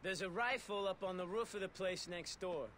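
A man's voice: high-pitched, normal speed, natural voice. A man playing a brash, cocky gangster in a video game. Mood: confident. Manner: cocky, persuasive. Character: brash Irish-American male gangster. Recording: game audio over street crowd noise.

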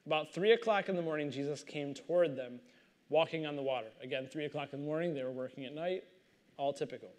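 A male pastor reading scripture aloud and commenting on it in a conversational, animated storytelling way. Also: on the high side, quick pace.

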